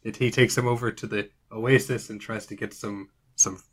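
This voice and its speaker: A man's voice: lowish voice, normal speed. A man narrating and running a tabletop role-playing game in a casual, chatty way. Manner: relaxed, chatty narration with fillers. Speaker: game master.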